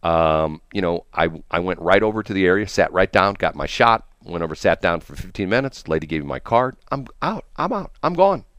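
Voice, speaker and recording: A man's voice: deep voice, fairly quick, hardly any pauses, a bit bright, smooth, dry recording. A middle-aged man hosting a morning radio show, telling rambling anecdotes full of fillers in a studio. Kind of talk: casual on-air chat and storytelling.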